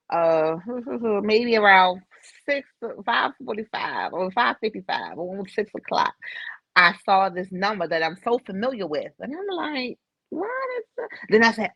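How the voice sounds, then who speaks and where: A middle-aged woman, a podcast guest, telling a personal story in an emotional, animated way. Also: medium pitch, no echo. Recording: slightly dull dry recording.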